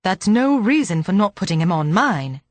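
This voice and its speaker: A woman voicing a brisk, thoughtful police chief inspector who asks clipped, businesslike questions. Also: sits high, big pitch swings, dry recording.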